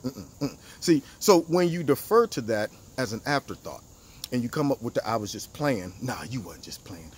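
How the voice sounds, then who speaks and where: A man hosting his own political commentary show, talking in an animated, mocking way and acting out the people he quotes. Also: mid-range voice, a little hiss or hum. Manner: animated, mocking, acts out quotes in different voices.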